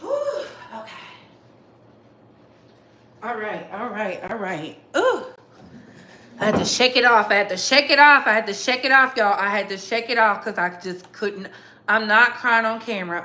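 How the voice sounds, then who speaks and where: Bright-voiced woman, blunt and heated. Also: mid-range voice, reverberant. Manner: blunt, emotional, heated and profane. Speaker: commentary vlogger. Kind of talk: casual commentary reading case texts aloud.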